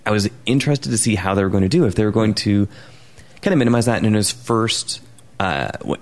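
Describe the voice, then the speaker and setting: A man's voice: fairly low pitch, expressive, brisk. A man in a casual film chat, explaining things at length with many restarts.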